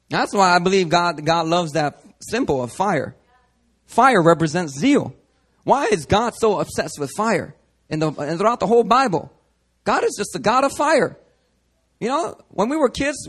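Animated, high-voiced male preacher. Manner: animated, acts out scenes, shifts from hushed to loud. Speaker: pastor. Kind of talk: sermon. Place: church prayer meeting.

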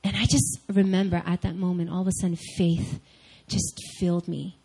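A young adult woman giving a sermon-style personal testimony, candid and animated, speaking straight to her listeners. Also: lowish voice, normal speed, creaky, breathy edge, low-quality recording.

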